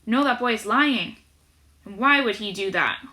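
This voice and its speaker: A woman doing Chugger, a gruff shouting foreman. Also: fairly high pitch, lively intonation, moderate pace. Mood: suspicious. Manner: yelling, demanding, scowling. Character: gruff suspicious man, farm team leader.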